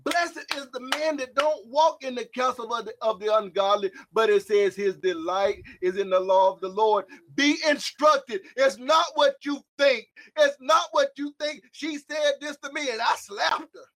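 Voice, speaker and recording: Man preaching, very high-pitched, loud emphatic delivery with sudden quiet drops. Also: fairly even intonation, normal speed, few pauses. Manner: shouting emphatic lines, swinging between loud and hushed; calls out to listeners by name. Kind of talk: sermon.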